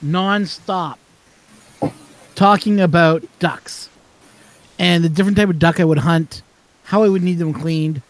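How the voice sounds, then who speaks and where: A chatty man with a fairly high voice hosts a relaxed hangout. He tells rambling anecdotes and acts out the phone calls he describes. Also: unhurried, long pauses, no room sound. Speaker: channel host. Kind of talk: casual chat.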